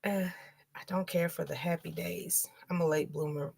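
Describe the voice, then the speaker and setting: A woman in her thirties in relaxed, laughing chat on a trivia livestream, reading out viewer comments. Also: lowish voice, normal speed, creaky. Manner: laid-back, laughs often, reads viewer comments aloud. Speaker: livestream co-host.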